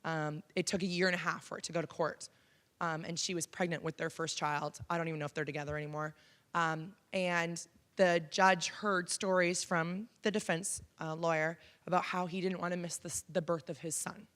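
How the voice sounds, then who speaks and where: Speaking in a lowish, steady voice at normal speed with a fairly bright tone, a woman in her thirties from Canada shares a personal story as keynote speaker in a college auditorium. She talks frankly and conversationally to the audience, saying um often.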